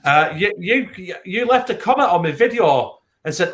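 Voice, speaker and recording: A guest beer reviewer with a northern English accent and a high-sitting voice tells stories at normal speed in a casual live-stream chat. He's an animated storyteller who swears freely.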